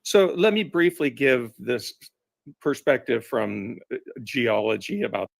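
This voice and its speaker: A man's voice: mid-range voice, lively intonation, a little slow, gravelly, dry recording. A man calling in to a show, polite and a bit hesitant. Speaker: caller.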